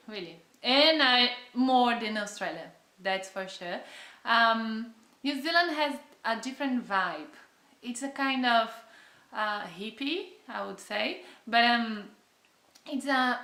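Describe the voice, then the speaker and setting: A woman's voice: mid-range voice, sharp tone, reverberant. A young woman from Brazil with a Brazilian accent, chatting to camera in a casual vlog and often searching for words. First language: Portuguese. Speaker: vlogger.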